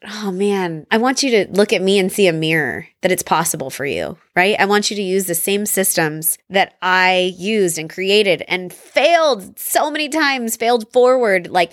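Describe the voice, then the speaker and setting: Energetic woman podcaster telling her story. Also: mid-range voice, no room sound, studio quality. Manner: energetic, rambling, self-interrupting. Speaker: podcast host and salon business coach. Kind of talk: casual storytelling monologue.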